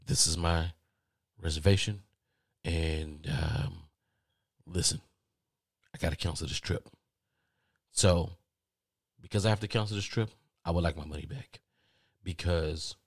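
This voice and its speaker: Deep-voiced man ranting casually. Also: no room sound, studio quality. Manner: exasperated storytelling, swears freely. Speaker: podcast host.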